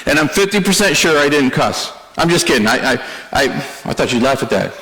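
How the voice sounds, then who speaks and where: Male pastor, higher register, conversational sermon delivery with self-deprecating humor, hall reverb. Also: expressive, brisk, fairly bright tone.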